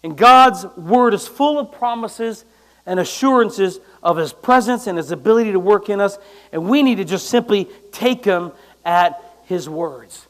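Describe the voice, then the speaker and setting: A man with a high voice preaches a lively sermon in church. He acts out quoted lines, now and then breaking into loud bursts. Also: measured pace. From United States. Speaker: pastor.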